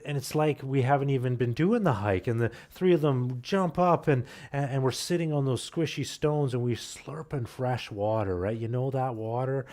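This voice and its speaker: A man's voice: mid-range voice, a little mellow. A man, a pastor, preaching by telling a family hiking story in a conversational way, often restarting with repeated words. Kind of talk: sermon storytelling. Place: church.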